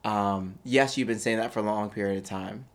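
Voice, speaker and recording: A man's voice: on the low side, normal speed. A man co-hosting a podcast in casual chat, with a dry, teasing manner. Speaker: podcast co-host.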